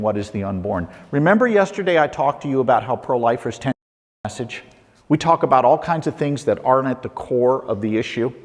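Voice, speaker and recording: Animated middle-aged man in echoing hall. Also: high-pitched. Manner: animated, rhetorical questions, playful asides. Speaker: speaker. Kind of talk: lively apologetics talk. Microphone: handheld or lapel mic. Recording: long hall reverb.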